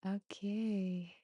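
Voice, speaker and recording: A soft-spoken woman host reads and answers live listener comments, slow and unhurried, with a mellow, warm tone. She sounds emotional and close to tears, laughing softly between remarks. The recording is dry and close. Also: mid-range voice, no echo. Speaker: podcast host.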